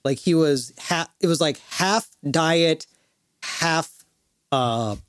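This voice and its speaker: A man co-hosting a podcast and telling a story in an animated, laughing way, full of fillers. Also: a little high, takes it slowly, no room sound, studio quality. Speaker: podcast co-host. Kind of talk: casual storytelling chat.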